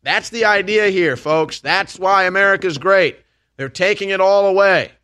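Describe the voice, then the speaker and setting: A man pours out a heated monologue as a commentary host, his tone bright and pushing. The sound is dry and close to the mic. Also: sits high, moderate pace, clean tone, no echo. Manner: heated, ranting, addresses listeners as folks and man. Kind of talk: impassioned political monologue.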